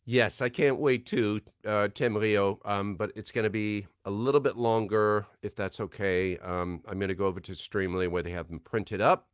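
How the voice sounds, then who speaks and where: A man's voice: fairly low pitch, steady tone, normal speed, few pauses, clean tone, dry recording, studio quality. A man hosting a signing livestream, talking in a rambling, chatty, self-deprecating way at a desk microphone. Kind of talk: casual livestream chat.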